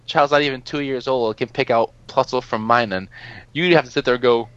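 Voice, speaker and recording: A man telling a story in casual chat, animated and exasperated, swearing freely and laughing often as he talks. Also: medium pitch, a little fast, highs cut off. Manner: laughs often while talking. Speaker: podcast co-host telling a story.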